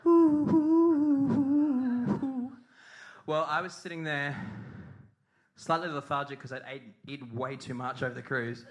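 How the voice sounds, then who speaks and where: A man's voice: medium pitch, little pitch movement, moderate pace, bright, forceful tone, dull audio. A middle-aged man preaching a sermon as pastor, telling a comic story with sung mimicry and put-on voices.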